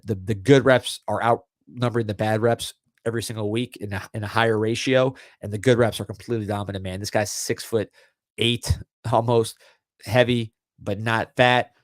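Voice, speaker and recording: This live sports podcast host is a middle-aged man whose voice sits on the low side, moving at a normal speed. Relaxed and chatty, he tends to repeat words while thinking, and the studio audio is clean with no echo.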